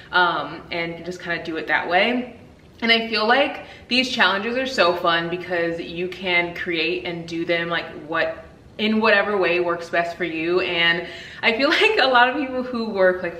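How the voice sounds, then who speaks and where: A woman's voice: on the low side, bright, forceful tone, distant mic, slight background noise, low-quality recording. A woman of thirty chatting casually to camera as a book vlogger, peppering her talk with "like" and "literally.". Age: 30s.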